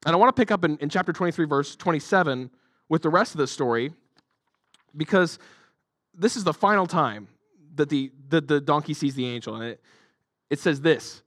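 A male pastor delivering a sermon in church, chatty and joking, full of fillers. His voice is high for a man. The sound is dry and close. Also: expressive, fairly quick, pauses often, fairly bright tone, dry recording. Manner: conversational, jokey, many fillers.

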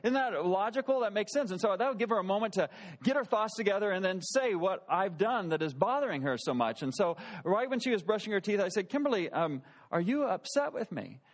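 A pastor in his thirties telling a personal story in a relaxed, conversational sermon and asking his listeners questions. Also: high-pitched, quick pace.

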